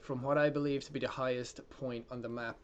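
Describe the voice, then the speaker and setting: A man's voice: mid-range voice, fairly quick, highs cut off, a crowd in the background. Irish man narrating his gameplay. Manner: earnest, trying to sound animated. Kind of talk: gameplay commentary.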